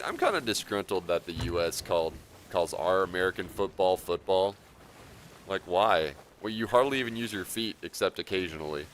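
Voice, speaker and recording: A man's voice: low voice, a bit bright, slight background noise. A man live-streaming a video game, chatting casually and rambling with viewers, laughing often. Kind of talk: live gameplay commentary and chat.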